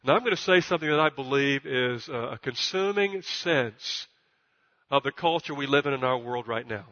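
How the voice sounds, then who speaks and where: A man's voice: expressive, normal speed. Emphatic preacher man, long hall reverb. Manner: emphatic, builds to loud high peaks, repeats words; stutters at times. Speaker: pastor. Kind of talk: sermon. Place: church. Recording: dull recording with long church reverb.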